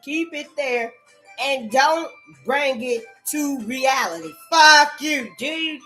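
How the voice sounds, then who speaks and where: High-voiced woman going off, cussing nonstop, bright edgy tone, yelling then mumbling. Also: takes it slowly, soft background music. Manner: erratic, repetitive, swearing constantly, swinging between shouts and mutters. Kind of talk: profane stream-of-consciousness rant.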